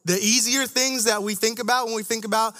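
A young man from the church staff gives an energetic sermon that sounds like conversation, talking a little fast. He murmurs asides and rises when stressing points.

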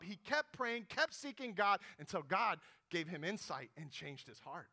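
A man preaching a sermon, retelling a story with animated, dramatized prayers, rising to pleading and dropping to a hush. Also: sits high, moderate pace, creaky, hardly any pauses.

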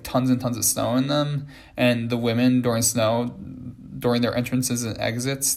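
Man, dancer, casual storytelling, gravelly voice, fillers and restarts. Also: mid-range voice. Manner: rambling with many fillers and restarts. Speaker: ballet dancer telling stories.

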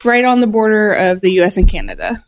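A woman from Buffalo, New York, being interviewed as a podcast guest, soft-spoken and hesitant with many ums. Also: mid-range voice, very animated, fast. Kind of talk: casual interview chat.

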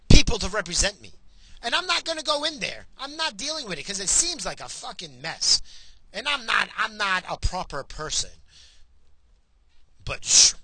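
A worked-up man in a heated, profanity-laced rant. His voice is very bright and cutting, and his pitch swings widely as he presses his points. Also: breathy edge. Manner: profane, heated, ranting then calmer. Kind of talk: angry political rant.

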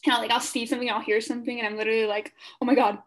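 This young podcast co-host has a rather high, somewhat bright voice with a level tone, and she talks in rapid-fire bursts. In casual fan chat she's enthusiastic and gushing, leaning heavily on "like."

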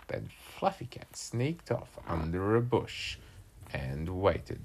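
A woman reading picture books aloud to her young child at home in a playful, animated way. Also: a bass voice, slow, slightly rough.

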